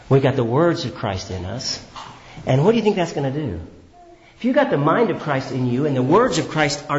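Emphatic preacher man, roomy and dull. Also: slight background noise. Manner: asks the congregation questions and answers them himself; swings between raised emphatic phrases and low drawn-out words. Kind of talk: sermon. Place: church hall. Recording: echoey, dull church hall recording.

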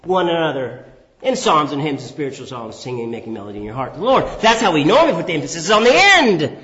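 A man preaches a sermon in a fairly high, lively voice, asking his listeners questions and answering them himself. He swings from raised, emphatic phrases to low, drawn-out words. The recording is echoey and dull, as if taken from a church hall.

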